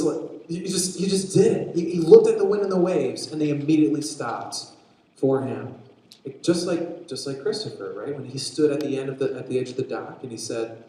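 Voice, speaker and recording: A man preaching a sermon, retelling a story in an animated way with frequent restarts. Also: mid-range voice. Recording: very echoey room.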